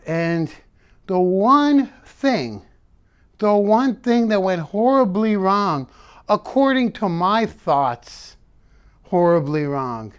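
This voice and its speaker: A man giving a casual motivational talk, playful and emphatic, breaking off to sing and repeating words for effect. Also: high voice. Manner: playful, self-interrupting, sings snippets; emphatic repetition. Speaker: motivational vlogger.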